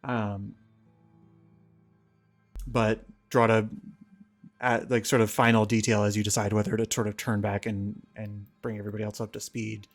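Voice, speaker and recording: A man acting as game master for a tabletop game narrates in a relaxed, halting manner packed with fillers. His voice is fairly low, and faint music plays in the background.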